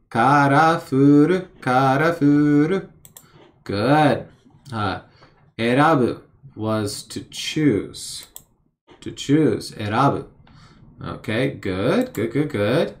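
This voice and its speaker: Man, middle-pitched, casual vlogger thinking aloud, slow and repetitive, self-deprecating. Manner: musing, repeats words slowly while recalling, self-deprecating. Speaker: language learner vlogger.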